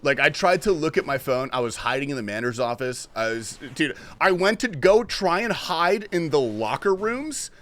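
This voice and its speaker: A young man streaming a game, telling a story in a casual, animated way, swearing and laughing often. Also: on the high side, normal speed, hardly any pauses. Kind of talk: casual story-telling chat while gaming.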